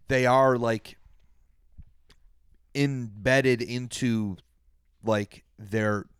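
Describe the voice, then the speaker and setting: A man's voice: medium pitch, steady tone, extremely slow, clean tone, dry recording, clean studio sound. A young man on a casual podcast, rambling with hesitant fillers and mocking asides. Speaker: podcast co-host.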